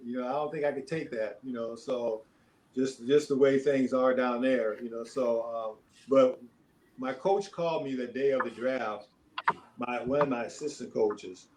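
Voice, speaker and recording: An older man, a former basketball player, telling stories as a podcast guest in a relaxed, rambling way with many fillers. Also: medium pitch, a little hiss or hum, poor audio. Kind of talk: casual storytelling.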